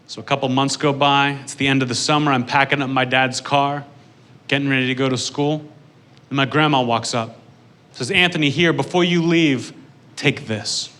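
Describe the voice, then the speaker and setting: A young adult man doing a deadpan stand-up storytelling set with dry delivery building to punchlines. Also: mid-range voice, normal speed, clean tone. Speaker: stand-up comedian.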